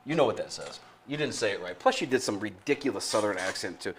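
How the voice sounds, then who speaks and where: A man's voice: fairly low pitch, expressive, fast, background noise. A man hosting a casual podcast, sarcastic and teasing, swearing freely as he talks. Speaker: podcast host.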